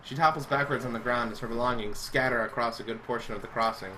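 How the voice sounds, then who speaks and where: A man's voice: mid-range voice, fairly even intonation, fast talker, heavy background noise. A man reading a visual novel aloud, dramatic and full of sarcastic asides. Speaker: game reader.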